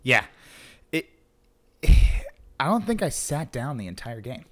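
A man's voice: mid-range voice, very animated, slow pace, fairly bright tone. Give me a young man in a middle register, cheerfully rambling through stories on a podcast. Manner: laughing, rambling anecdotes. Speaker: podcast co-host. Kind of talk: casual chat.

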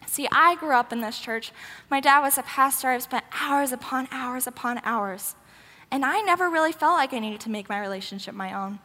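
A woman's voice: sits high, moderate pace, pushed and bright. A young woman giving a casual, sarcastic, emphatic sermon in a church hall. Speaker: youth speaker. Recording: roomy hall with long echo.

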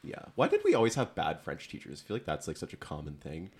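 A man's voice: rumbling low, wildly swooping pitch, fast, a little mellow, husky. A man from Ontario, co-hosting a podcast in casual, rambling chat full of fillers. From Ontario, Canada. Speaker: podcast co-host.

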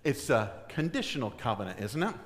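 A man preaching a sermon, asking his congregation questions and swinging from loud emphasis to hushed, near-whispered lines. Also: medium pitch, very animated, a little fast. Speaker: pastor. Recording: long hall reverb.

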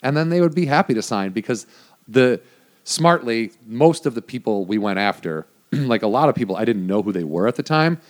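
A man with a medium-pitched voice talks briskly with lively intonation. As a guest and former prank show producer, he tells rambling behind-the-scenes stories in a casual chat, swearing often and saying "like" a lot.

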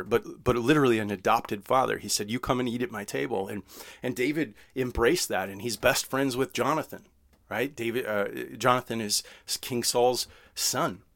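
Man, pastor, conversational sermon, slow scripture reading, "right?" asides, mid pitch, dry recording. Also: dry recording. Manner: reads scripture slowly, then explains in plain words.

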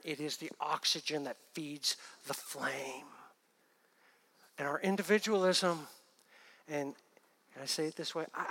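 High, bright-voiced male pastor preaching. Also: long reverb tail. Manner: swings from hushed to loud emphatic preaching. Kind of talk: sermon.

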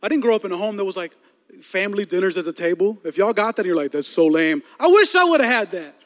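A man preaching a sermon to a crowd, playful and animated, telling stories and doing voices for the people in them. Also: sits high, fast talker, in a large hall. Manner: lively, playful, acts out movie scenes with voices.

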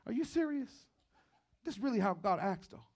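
A man preaching a sermon as pastor, moving between joking storytelling and quiet, earnest preaching. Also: sits high, animated, fairly quick.

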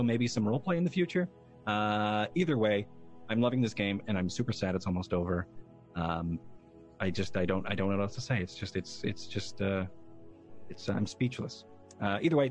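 A man streamer signing off from a show in casual chat, rambling and halting, with many fillers. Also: fairly low pitch, soft background music. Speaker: streamer, tabletop game player.

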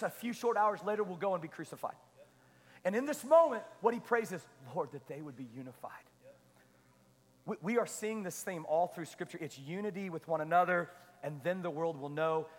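High-voiced pastor preaching in a reverberant hall. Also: male voice. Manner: energetic, repetitive preaching with call-and-response questions. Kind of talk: sermon.

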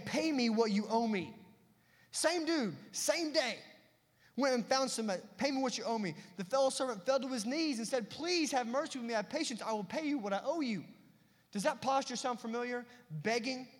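A man preaching a sermon, moving between emphatic loud passages and hushed, quiet asides. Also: extremely high pitch, lively intonation, moderate pace, long reverb tail. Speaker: pastor. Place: church sanctuary.

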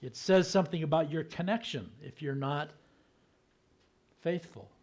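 A man giving a sermon in a conversational, storytelling manner, often acting out the people in his stories and sometimes slowing to a soft, hushed voice for emphasis. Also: fairly high pitch. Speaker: pastor.

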